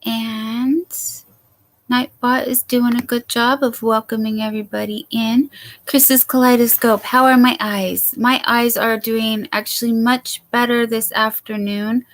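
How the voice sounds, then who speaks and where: A woman's voice: a little high, level tone, a little slow. A woman hosting a casual late-night livestream from home, chatting and rambling as she greets viewers by name. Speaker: livestream host.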